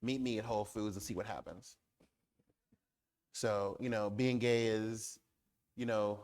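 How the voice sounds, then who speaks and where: A man speaking as a guest author in a public conversation, riffing through animated lists. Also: on the low side, a little slow, pauses often.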